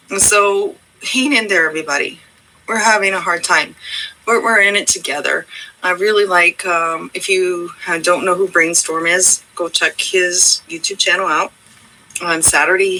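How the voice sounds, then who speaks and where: A woman's voice: fairly low pitch, sharp tone, slight background noise, rough recording. A woman hosting her own channel, chatting casually and earnestly to her viewers in a rambling, reassuring way. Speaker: channel host. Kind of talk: casual heartfelt chat to viewers.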